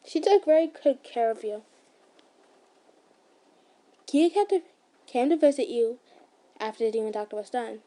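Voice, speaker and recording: A woman reads a fan story aloud for listeners. Her voice sits high, her reading casual, with slips, restarts and little asides. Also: expressive, normal speed, pauses often, mellow. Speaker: ASMR storyteller.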